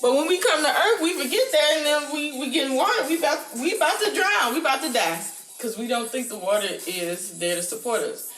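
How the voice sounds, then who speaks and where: A woman vlogger telling a spiritual dream story to camera in a casual, animated way, with casual slang. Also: brisk. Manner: animated, acts out her panic in a high squeaky voice; casual slang, says "y'all". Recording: roomy echo with faint music behind.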